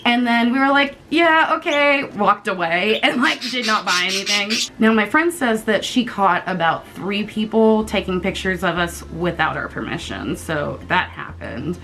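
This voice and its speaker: A young woman from the United States, casually telling a storytime vlog in an animated, chatty way and swearing freely. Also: mid-range voice, moderate pace, few pauses. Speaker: vlogger.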